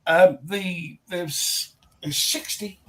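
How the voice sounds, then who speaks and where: Husky English man telling rambling stories. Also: high voice, steady tone, drawn-out words, pushed and bright, low-quality recording. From England. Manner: rambling, hesitant storyteller with many ums. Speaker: guest. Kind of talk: casual chat.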